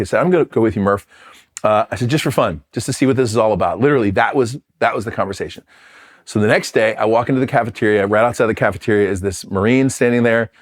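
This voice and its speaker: A middle-aged man from Philadelphia, a former Marine fighter pilot, telling his story in an interview in a candid, self-deprecating way with restarts and fillers. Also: medium pitch. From Philadelphia, USA.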